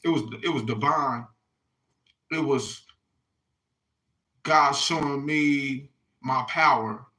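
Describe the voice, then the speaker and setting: A man's voice: medium pitch, takes it slowly, pauses often, sharp tone, low-quality recording. A man talking to his viewers in a loose, rambling monologue, swearing freely and repeatedly checking in with "you hear me". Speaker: vlogger.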